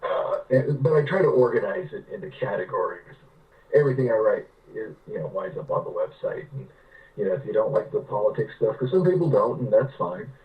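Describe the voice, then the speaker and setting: A man's voice: on the low side, expressive, a little fast, a little mellow, far from the mic, low-quality recording. Rambling storyteller man, off-mic. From California. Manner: rambling, anecdotal, many restarts. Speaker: guest, writer. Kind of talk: casual interview storytelling.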